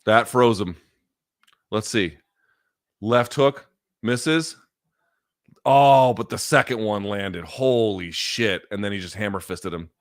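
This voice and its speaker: A man hosting a live fight watchalong, going from loud excited outbursts to quiet, emotional reflection, with plenty of swearing. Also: fairly low pitch, takes it slowly, pauses often. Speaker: host. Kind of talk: live fight reaction commentary.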